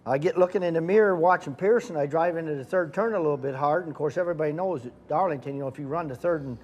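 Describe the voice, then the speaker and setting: A man's voice: fairly high pitch, rapid-fire, darkish tone, a little hiss or hum. An older man, a retired stock car driver, telling a racing story in an easygoing way. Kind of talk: casual storytelling.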